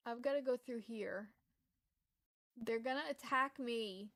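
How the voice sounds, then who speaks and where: A woman's voice: a little high, measured pace, fairly bright tone, no echo, studio quality. A woman from Rhode Island with a Rhode Island accent tinged with Southern, a lisp, chatting casually and rambling while streaming a game. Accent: Rhode Island mixed with Southern US. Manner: rambling, self-deprecating, many restarts. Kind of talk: casual gameplay chat.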